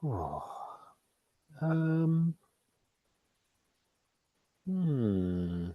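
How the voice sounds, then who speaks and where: A man's voice: medium pitch, big pitch swings, drawn-out words, dry recording, phone-quality sound. A man taking part in an online workshop on a video call, hesitant and chatty, laughing at himself as he thinks aloud. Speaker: workshop participant. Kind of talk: casual chat.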